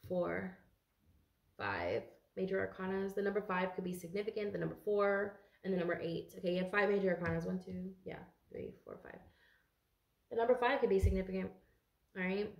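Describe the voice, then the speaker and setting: A woman's voice: mid-range voice, a little fast, creaky, roomy sound. A tired woman doing a casual tarot reading for viewers, chatty and rambling and swearing freely. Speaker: tarot card reader.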